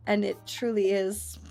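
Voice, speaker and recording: A young woman streamer chatting casually, telling family stories with playful, loud acted-out quotes. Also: mid-range voice, vocal fry. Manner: chatty storytelling, playful, acts out quotes loudly. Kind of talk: casual chat.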